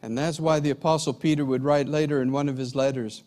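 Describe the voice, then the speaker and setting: Animated man preaching a sermon. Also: a little high, fast talker. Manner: animated storyteller, acts out dialogue.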